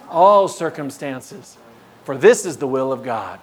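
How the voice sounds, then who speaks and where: A male pastor preaching a sermon, telling animated stories and acting out the scenes. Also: medium pitch, measured pace.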